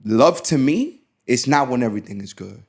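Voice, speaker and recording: A man hosting a podcast, telling a personal story in casual chat, lively and quick to act out what others said. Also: mid-range voice. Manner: animated storytelling, acting out quotes. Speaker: podcast host.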